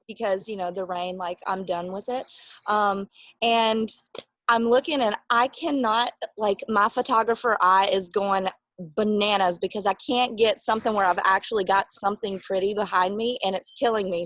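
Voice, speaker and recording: A woman's voice: mid-range voice, fairly even intonation, moderate pace, a bit bright, no echo. A woman with a Southern US accent, chatting on a video call from outdoors, giggly and rambling. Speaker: real estate panelist. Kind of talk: casual video call chat. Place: outdoors on a back deck.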